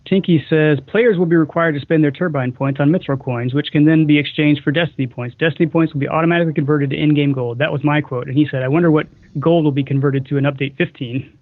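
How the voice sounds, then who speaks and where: A man's voice: fairly high pitch, fairly even intonation, fast talker, hardly any pauses, dry recording. A man co-hosting a casual podcast over an online call, chatty and chuckling as he reads quotes aloud. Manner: chatty, chuckles while reading. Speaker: podcast co-host. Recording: muffled dry online call audio.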